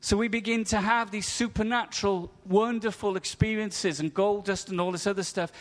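A man teaches with bright enthusiasm, his voice sitting high for a man. He talks through photos to a gathered crowd, and the sound rings with the long reverb of a large hall. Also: moderate pace. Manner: animated, enthusiastic storytelling with laughter. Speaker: teacher at a ministry school. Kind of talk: sermon-style teaching with slides.

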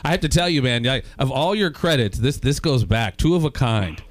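A man's voice: mid-range voice, expressive, a little fast, dry recording. A man co-hosting a radio interview show, asking rambling, enthusiastic questions in the studio.

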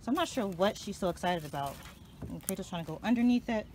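A woman vlogging outdoors, chatting easily to her viewers and calling them y'all while she walks her dogs. She talks to the camera on a handheld phone, and steady outdoor noise runs under her voice. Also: medium pitch, fast talker. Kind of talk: casual vlog chat. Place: outdoors on a hiking trail, then a home yard.

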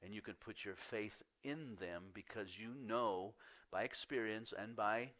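A pastor delivering a sermon in a low-pitched male voice. He reads scripture and then shifts into candid, conversational storytelling. His voice swings up when he gets worked up and falls quiet and soft on the points he wants to stress. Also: unhurried.

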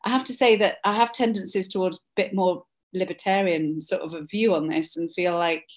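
A middle-aged woman from Scotland, telling stories in a relaxed interview and acting out the voices of the people in them. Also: fairly low pitch, fairly quick. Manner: chatty, animated storyteller, acts out quoted voices. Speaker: interview guest. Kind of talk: casual storytelling.

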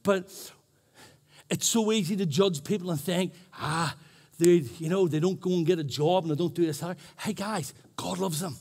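Earnest high-voiced New pastor. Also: male voice, moderate pace, creaky, a little mellow. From New Zealand. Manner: earnest, chatty, self-deprecating storytelling. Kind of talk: sermon. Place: church.

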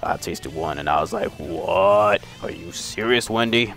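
Swaggering young guy, low and slangy, done by a gamer putting on a deep voice. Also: unhurried, gravelly, a bit bright, faint music behind, heavily acted. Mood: boastful. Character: swaggering young man reviewing fast food. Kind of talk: gaming chat impression.

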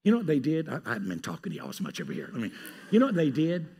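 A man preaching a sermon as pastor, with an animated delivery that swings from hushed asides to loud pleading. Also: mid-range voice, very fast, breathy edge. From North Carolina.

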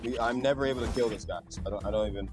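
A young man commenting casually on a video game he is playing, swearing a lot and switching between flat muttering and loud outbursts. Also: fairly low pitch, rapid-fire. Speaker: gamer streamer. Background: game music.

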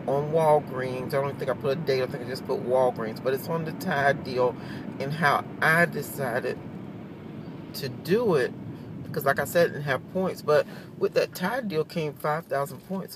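A woman, chatting casually and rambling to her viewers from her car, often laughing. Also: low voice. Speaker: vlogger. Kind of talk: casual chat. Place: in a car in traffic. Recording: road noise from inside a car.

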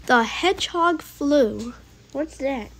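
A woman's voice: high-pitched, lively intonation, slow, a little hiss or hum. A woman gamer in playful banter, silly and giggly, squealing and yelping as she plays.

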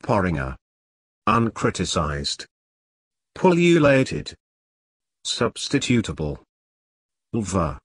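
A man reading a long list of single words aloud, each spoken on its own with a pause after it. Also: lowish voice, very animated, a bit bright, slightly rough, no echo, clean studio sound. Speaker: vocabulary reader.

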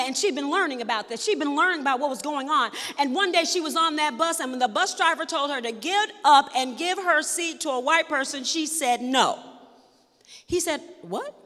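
High, bright-voiced woman preaching. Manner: storytelling preacher who builds to shouted emphasis. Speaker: pastor. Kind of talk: sermon. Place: large hall at an in-person worship service. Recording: reverberant worship hall.

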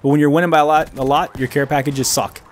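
A man giving casual, self-mocking commentary over his own gameplay, with excitable outbursts and muttering. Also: fairly high pitch, fast, slight background noise. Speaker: gaming commentator.

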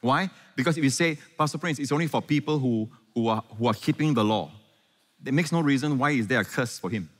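A pastor with a medium-pitched voice delivers a sermon before a congregation in a large, echoey church hall. He keeps things engaging by quizzing the crowd with quick questions.

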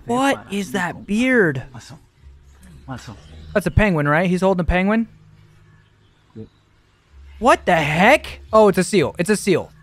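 A young man reacting to memes in an excitable, slangy way, often slipping into silly voices. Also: high-pitched, moderate pace, pauses often. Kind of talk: casual reaction commentary. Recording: music playing behind.

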